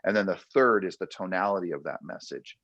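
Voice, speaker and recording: Emphatic male real estate coach with a lowish voice who keeps hammering short punchy phrases, sounding dry and close on a dull, muffled recording that takes the sparkle off the top end. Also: a little fast, a bit bright, no echo. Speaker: real estate training host. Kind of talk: motivational coaching talk.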